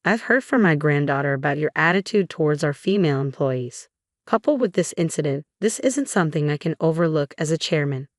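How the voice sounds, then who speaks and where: A woman's voice: deep voice, lively intonation, fairly quick, no echo, studio quality. A woman voicing an older male company chairman, a grandfather, who speaks in a firm, reproving way. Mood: stern.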